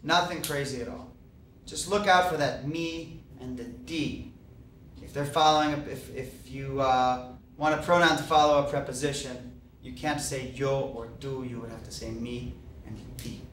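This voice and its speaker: A man's voice: mid-range voice, fairly even intonation, normal speed, fairly bright tone. A man teaching a Spanish grammar lesson, explaining step by step with patient fillers. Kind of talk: recorded classroom lecture. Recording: echoey room, voice far from mic, faint hiss.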